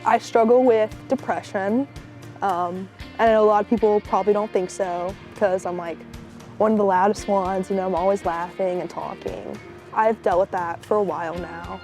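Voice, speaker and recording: Earnest teen girl, mellow voice. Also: mid-range voice. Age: teens. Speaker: high school student. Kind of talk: candid profile interview.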